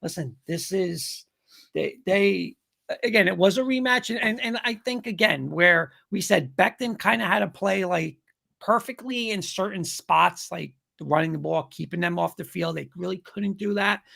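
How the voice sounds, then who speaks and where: A man co-hosting a casual sports talk show, talking in an excitable, rambling way with lots of fillers and restarts. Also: high-pitched, normal speed, vocal fry. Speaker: show co-host.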